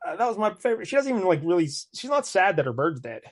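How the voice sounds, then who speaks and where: Male podcast co-host, slightly high voice, easygoing comic recap with jokey character voices. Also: very animated, racing. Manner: laughing, recaps plot with mock character voices. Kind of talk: casual comic book recap.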